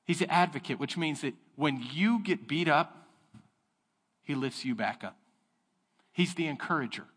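A man preaching a sermon as pastor, lively and animated, breaking into high voices when he quotes people and God. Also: moderate pace. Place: church sanctuary. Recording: church hall with long reverb.

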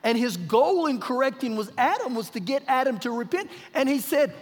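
Male pastor, very high voice, emphatic sermon, rhetorical questions, live church recording, long hall reverb. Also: animated, normal speed. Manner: humorous paraphrasing of scripture. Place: church sanctuary during a live service.

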